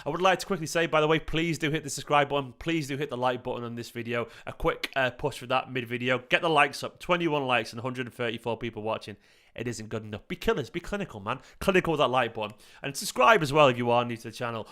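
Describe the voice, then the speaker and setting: A man hosting a casual fan livestream, excitable and rambling, urging viewers to act. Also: mid-range voice, fast talker. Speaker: host of a fan channel. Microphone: desk mic.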